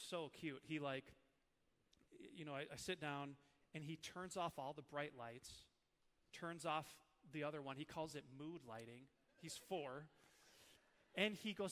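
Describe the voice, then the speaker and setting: A man in his thirties, a preacher from Minnesota, teaching with animated, emotional personal stories. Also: fairly high pitch, long reverb tail.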